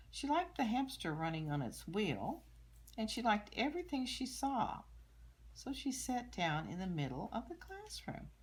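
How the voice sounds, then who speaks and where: An older woman, a grandmother, reading a picture book aloud to children and gently explaining the pictures, with soft murmured asides. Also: medium pitch, slightly rough. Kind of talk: storybook read-aloud with commentary.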